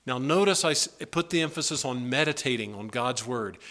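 A man's voice: mid-range voice, lively intonation, fairly quick, fairly bright tone. A pastor preaching a sermon to his congregation in a church, in an earnest, pleading manner with emphatic swings. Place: church sanctuary.

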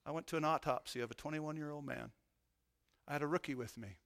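A middle-aged man, a police chaplain, preaching an emotional testimony that swells to loud, fervent peaks. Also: a little high, fast talker, creaky. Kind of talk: sermon testimony.

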